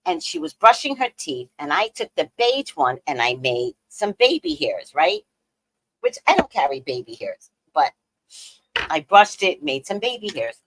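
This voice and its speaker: A woman hosting a live stream, chatting casually with viewers and telling animated stories, laughing often and swinging between loud outbursts and hushed asides. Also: fairly low pitch, a little slow, no echo, poor audio.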